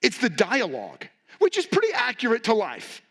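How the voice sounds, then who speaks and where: High-voiced male pastor preaching. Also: huge pitch swings, moderate pace, a bit bright, breathy edge. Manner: conversational, candid, acts out quotes. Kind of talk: sermon. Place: church.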